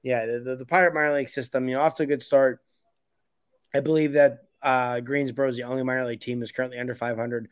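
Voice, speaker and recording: A man's voice: mid-range voice, flat delivery, fast talker, smooth, no echo, studio quality. A man co-hosting a casual sports podcast, opinionated and blunt, rambling with restarts. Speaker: podcast co-host.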